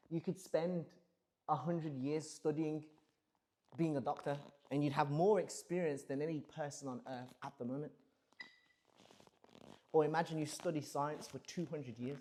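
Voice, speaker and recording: Man in his thirties, livestream host, a touch high, swears freely while musing aloud. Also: normal speed, pauses often, darkish tone. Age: 30s. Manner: profane, reflective, rambling. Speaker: streamer.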